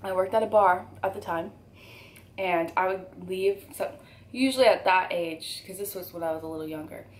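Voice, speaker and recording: A woman's voice: fairly low pitch, moderate pace. Candid young woman telling a story. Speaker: YouTuber. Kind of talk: storytime vlog while eating.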